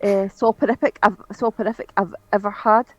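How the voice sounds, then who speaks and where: A woman's voice: medium pitch, fairly even intonation, a little fast, no echo, muffled recording. A woman playing a tabletop game, chatty and rambling, often speaking as her character. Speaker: player. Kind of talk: casual tabletop game chat.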